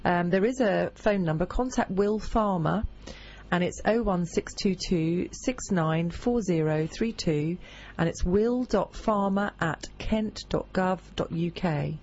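Low-voiced New Zealand woman co-host. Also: unhurried, darkish tone, muffled recording, slight background noise. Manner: teasing, reads event notices with details. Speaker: radio show co-host. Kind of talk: casual radio chat.

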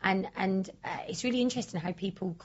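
A woman co-hosting a casual radio chat show, lively and candid, teasing callers now and then. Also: mid-range voice, fast talker, muffled recording.

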